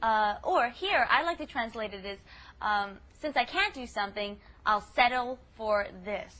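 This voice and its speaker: A woman's voice: fairly high pitch, expressive, moderate pace, pushed and bright. A woman co-hosting a casual language lesson podcast, chatty and laughing as she explains patiently. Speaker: language teacher co-host.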